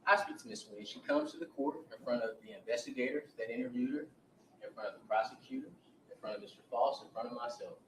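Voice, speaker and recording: Animated man addressing a jury. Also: medium pitch, fast, slight background noise. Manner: animated retelling, repeats and restarts words. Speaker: defense attorney. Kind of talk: opening statement to a jury. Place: courtroom. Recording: roomy courtroom audio from a distance.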